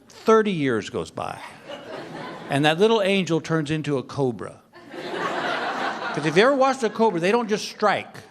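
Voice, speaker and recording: A man's voice: on the high side, background noise. An older man doing a stand-up comedy routine on a club stage, telling stories with mock exasperation. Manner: animated storytelling, mock exasperation.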